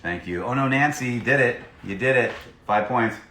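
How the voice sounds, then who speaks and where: Recorded in an echoey room with some hiss or hum, a man speaks at medium pitch and normal speed, his voice pushed and bright. As a voice actor on a casual live stream, he signs autographs and jokingly reads fan messages.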